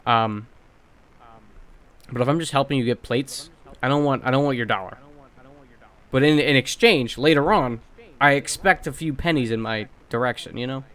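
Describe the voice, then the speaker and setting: A young man co-hosting a podcast in casual chat, telling workplace stories in a blunt, profane, animated way. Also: mid-range voice, moderate pace, pauses often. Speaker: podcast co-host.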